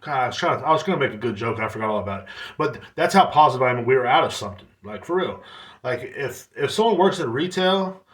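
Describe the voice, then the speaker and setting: A man's voice: medium pitch, animated, quick pace, a bit bright. Swearing, rambling man in a roomy echo. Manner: profane, rambling, heavy fillers. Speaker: podcast host streaming to chat. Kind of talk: casual ranting monologue.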